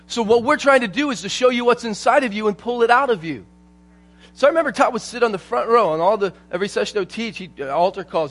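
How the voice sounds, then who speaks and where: A man preaching a sermon at a conference, telling stories in an animated way and repeating his phrases for emphasis. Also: sits high. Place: church conference hall.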